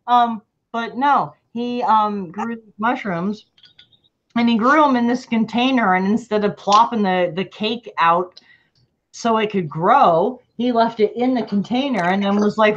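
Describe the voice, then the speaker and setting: A woman hosts a casual video-call chat in a middle-pitched voice. She is blunt and profane, and she laughs often. The call audio is dull and lo-fi. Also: measured pace. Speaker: host.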